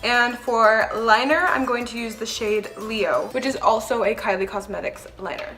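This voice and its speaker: A young woman with a slightly high voice talks through a makeup tutorial step by step. She sounds chatty and easygoing, with soft music playing quietly behind her. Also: steady tone, normal speed, few pauses. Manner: chatty step-by-step explaining with light laughs. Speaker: beauty vlogger. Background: background music.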